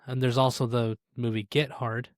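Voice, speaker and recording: A man's voice: mid-range voice, flat delivery, normal speed, dry recording, clean studio sound. A man co-hosting a podcast, chatting in a laid-back way and joking with his co-host. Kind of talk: casual chat.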